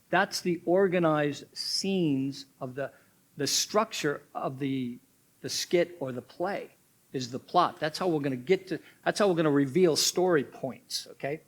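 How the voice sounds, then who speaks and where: A man's voice: a little high, a bit bright. A man leading a church drama workshop, giving instruction and repeating key points, often checking in with "okay?". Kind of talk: teaching seminar.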